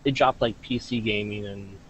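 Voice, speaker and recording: A man in his twenties chats as a guest, animated and loose, peppering talk with likes and the odd swear. His voice sits mid-range. Clear crowd chatter runs behind him. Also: on the low side, normal speed, rough recording. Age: 20s. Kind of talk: casual chat.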